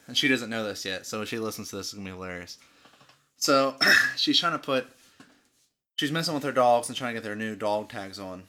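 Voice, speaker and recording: Young man, very bright voice, casual podcast chat, animated storyteller. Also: medium pitch. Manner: storytelling, animated, swearing freely. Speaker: podcast co-host.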